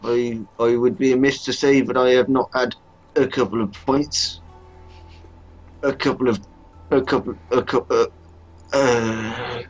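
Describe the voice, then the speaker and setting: A man's voice: mid-range voice, fairly even intonation, unhurried, pauses often, faint music behind, natural voice. A man voicing a bumbling, dim-witted male servant who stammers deferentially, on a dull lo-fi recording. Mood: tipsy.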